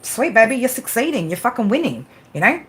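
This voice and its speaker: A woman's voice: fairly high pitch, big pitch swings, fairly quick, a bit bright. A woman hosting a casual livestream pep talk, blunt and swearing constantly, with frequent tag questions. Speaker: tarot reader and livestream host.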